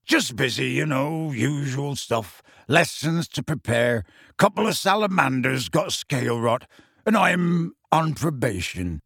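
A man reading aloud, voicing a huge, battered, gentle half-giant man who mumbles with forced cheer. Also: mid-range voice, lively intonation, measured pace, creaky, breathy edge, dry recording, clean studio sound, full character voice. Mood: mumbling.

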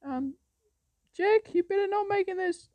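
A man putting on a shrill scolding mother. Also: measured pace, dry recording, lo-fi sound. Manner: high squeaky falsetto, scolding. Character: shrill angry mother scolding her son.

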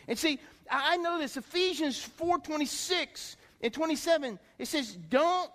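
A middle-aged man preaching a sermon in a folksy, animated way, with chatty asides to the congregation. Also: very high-pitched, moderate pace, long reverb tail. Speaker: pastor.

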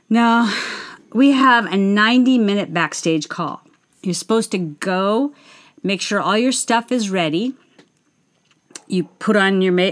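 A woman at a middle pitch tells a personal story in a casual, chatty way. She stops to correct herself mid-sentence. She slips into quick impressions of the people she quotes. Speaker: stage performer telling a story.

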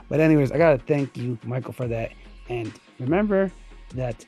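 A man's voice: mid-range voice, lively intonation, moderate pace, warm tone, breathy edge. Brief: male podcast host, loose and chatty, faint music under him. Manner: rambling, laughs often, swears casually. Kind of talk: casual storytelling monologue.

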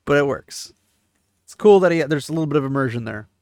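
A man's voice: on the high side, animated, quick pace, darkish tone, dry recording, studio quality. A man giving a casual chapter recap, paraphrasing the story and breaking in with offhand asides. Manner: paraphrases the text, mixing reading with offhand asides. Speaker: book series recap host.

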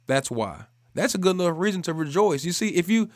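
A man's voice: high voice, lively intonation, a little fast, few pauses, no room sound. Earnest man preaching in a dry voice. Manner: earnest, repeats phrases, builds to fervent exhortation. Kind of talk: sermon.

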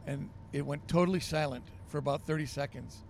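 A man, a pastor, telling stories on a podcast in a lively, animated way with frequent ums and uhs. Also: on the high side, fairly quick, creaky, slight background noise. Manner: animated storyteller with many fillers. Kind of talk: storytelling on a podcast.

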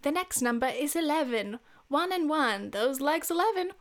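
A woman's voice: high voice, lively intonation, moderate pace, fairly bright tone, voice pushed up. A woman doing a sing-song British bingo caller. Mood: chanting calls. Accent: put-on British. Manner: rhyming number calls in a chanting lilt.

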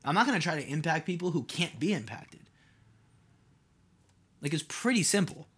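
On his solo podcast, a man rambles casually, asking listeners rhetorical questions and saying "like" often. He's a host and mentor with a husky, fairly bright voice on the high side. His pitch swings widely and his pace is moderate.

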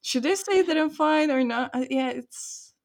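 A young woman in casual conversation, telling animated stories and acting out the voices of people she quotes. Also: high voice, normal speed. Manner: animated storyteller, acts out quoted voices, many likes. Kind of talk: casual chat.

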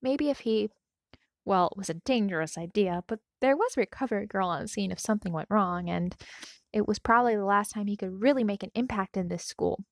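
Lady reading a fanfic out loud, gushy and soft, dry no-room sound. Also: mid-range voice, brisk, no echo. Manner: gushing, soft-spoken commentary after reading. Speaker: fanfiction reader.

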